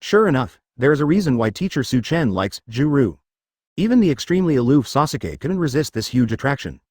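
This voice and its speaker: A man reading the lines of a bold, hot-tempered teenage girl ninja in a flat, machine-like way, as a storybook narrator. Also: mid-range voice, a little fast, no echo, clean studio sound. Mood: excited.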